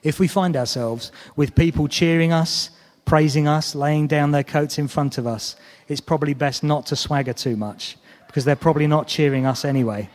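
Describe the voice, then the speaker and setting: A man's voice: fairly high pitch, normal speed, darkish tone. A man preaching a sermon in an earnest, conversational way, often checking in with his listeners. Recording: long hall reverb.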